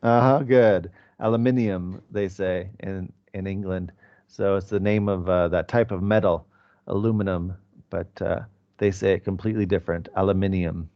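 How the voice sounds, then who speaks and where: A man's voice: fairly low pitch, darkish tone, highs cut off. A male English teacher explaining pronunciation to his class in a conversational way, with fillers.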